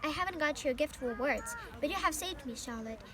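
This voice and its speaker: A young woman voicing an earnest, excitable young male pig who pleads and cries out in a high voice, reading a storybook aloud. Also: brisk. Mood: pleading.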